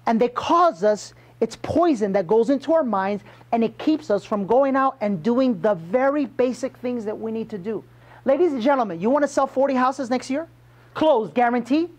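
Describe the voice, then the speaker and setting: A man's voice: very high-pitched, moderate pace. A man coaching a room of salespeople, emphatic and punchy, firing questions at his audience. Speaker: sales trainer. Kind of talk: motivational sales training talk.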